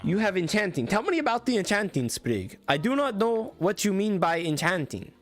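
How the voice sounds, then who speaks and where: A man streaming a game, talking in a put-on Indian accent with a higher, playful voice that repeats itself. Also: sing-song, moderate pace, faint music behind. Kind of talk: mock-accent bit during a live mod review.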